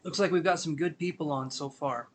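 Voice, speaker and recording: A man giving a live tarot reading, talking gently and meanderingly with many fillers, sleepy and yawning. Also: on the high side, fairly quick, very noisy. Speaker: tarot reader.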